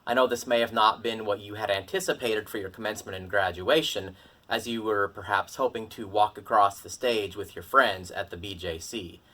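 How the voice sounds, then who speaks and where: A man's voice: on the low side, steady tone, moderate pace, pushed and bright. A man, director of undergraduate studies, giving a formal, thankful commencement address.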